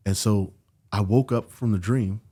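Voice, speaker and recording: Man telling a story in a low, dark voice. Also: unhurried, breathy edge. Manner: animated storyteller, acts out quoted dialogue. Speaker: podcast guest. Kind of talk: storytelling in casual conversation. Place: podcast studio.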